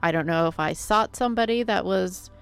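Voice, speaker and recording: A woman's voice: lowish voice, brisk, fairly bright tone, smooth, faint music behind. A woman in her thirties co-hosting a podcast, chatty and playful. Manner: laughs often, chatty and playful. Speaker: podcast co-host. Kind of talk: casual chat.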